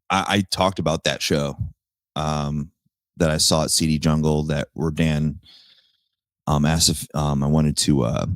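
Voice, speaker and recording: Low-voiced rambling podcast host, a man. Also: no room sound, clean studio sound. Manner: rambling, profane, laughs at his own jokes. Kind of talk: casual solo podcast chat.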